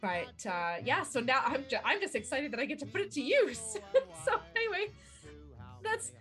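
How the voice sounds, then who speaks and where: A woman co-hosting a podcast in casual chat, bubbly and quick to laugh. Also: high voice, big pitch swings, fairly bright tone, soft background music. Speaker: podcast co-host.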